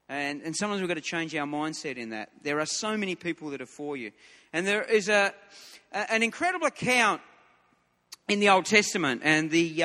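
Male preacher, earnest, high bright voice, stammers on restarts, reverberant hall. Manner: earnest, repeats words when starting a thought. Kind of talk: sermon.

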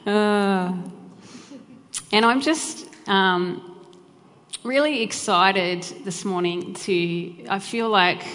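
A woman's voice: medium pitch, drawn-out words, pauses often, fairly bright tone. A woman preacher, praying and giving a church sermon with a fervent, heartfelt delivery and chatty asides. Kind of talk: live church sermon with prayer. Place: church hall during a live service. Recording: long hall reverb, faint music.

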